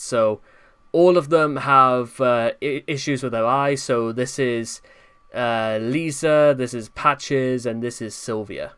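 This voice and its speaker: A man's voice: medium pitch, a bit bright, clean tone. Exasperated man narrating online commentary. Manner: exasperated, rambling with restarts. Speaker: commentary channel host. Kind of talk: commentary narration reading notes.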